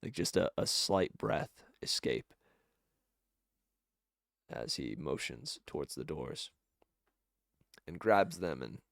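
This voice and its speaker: A man's voice: a bass voice, big pitch swings, slow pace, creaky, long pauses, a bit bright, dry recording, studio quality. A man narrating a tabletop game as game master, rambling and correcting himself with many fillers.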